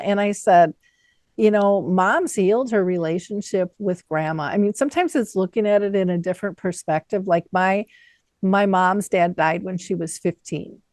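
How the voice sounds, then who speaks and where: A woman's voice: mid-range voice, moderate pace, dry recording. A middle-aged woman hosts an interview, affirming her guest and telling stories about her own family. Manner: warm storytelling, affirming. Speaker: podcast host. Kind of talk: conversational interview.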